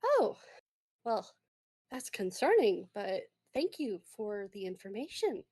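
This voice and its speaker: A woman voicing a kind, refined older female scientist toon in a tabletop game, speaking gently and politely. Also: medium pitch, big pitch swings, takes it slowly, breathy edge, no room sound, heavily acted. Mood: polite concern.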